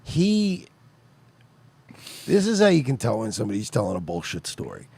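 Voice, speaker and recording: A man's voice: fairly low pitch, wildly swooping pitch, moderate pace, gravelly, a little mellow, slightly rough. A man co-hosting a podcast, giving mocking, sarcastic, profane commentary. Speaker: podcast co-host. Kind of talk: comedic commentary.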